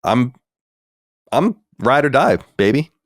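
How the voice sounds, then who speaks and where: A man's voice: mid-range voice, very animated, slow, dry recording, clean studio sound. An American man hosting a podcast in casual, rambling chat, emphatic and swearing freely. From United States. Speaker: podcast host.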